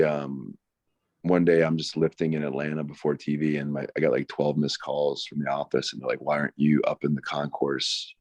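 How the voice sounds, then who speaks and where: Man with a very deep voice, halting. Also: no room sound. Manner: halting, with frequent ums and restarts. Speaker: wrestler guest. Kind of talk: interview.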